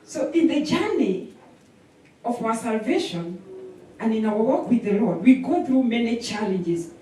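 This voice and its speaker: A woman preaching a sermon, animated, with repetition and call-and-response. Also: fairly high pitch, measured pace, slight background noise. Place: church sanctuary. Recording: echoey hall from a distance.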